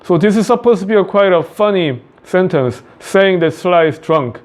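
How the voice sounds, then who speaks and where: A man with a Korean accent, a high school English teacher, explaining a play line by line and often restating quotes in plain words with repetition. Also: expressive, normal speed. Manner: paraphrases quotes in plain words, repeats phrases.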